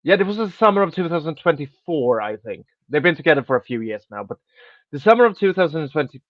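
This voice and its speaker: A man with a slightly raised pitch chats loosely on a podcast, circling back and restarting his sentences while dropping casual swears. The sound is dry and close, a little dull and lo-fi. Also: very animated, quick pace, no echo. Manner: rambling, self-correcting storyteller with casual swearing. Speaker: podcast host.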